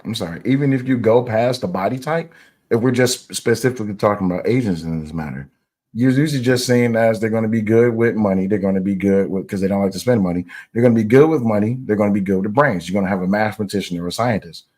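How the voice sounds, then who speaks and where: A blunt man on a discussion panel who swears freely and cuts in on others. His voice sits fairly low. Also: fast, a little mellow.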